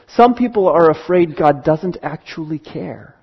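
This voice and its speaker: A man, a church elder, preaching a sermon in an earnest, pastoral way with slow, emphatic pauses. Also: fairly high pitch, animated, gravelly, breathy edge, highs cut off.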